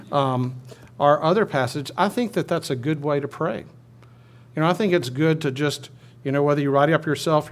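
A man preaching a sermon in a conversational manner, often restarting his phrases and leading his listeners in a responsive reading. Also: fairly high pitch. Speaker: pastor.

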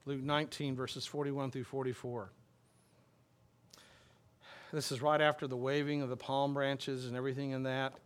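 A male pastor preaching a sermon in a conversational way, reading scripture slowly and explaining it with frequent restarts. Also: mid-range voice, little pitch movement. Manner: reads scripture aloud slowly, then explains it plainly.

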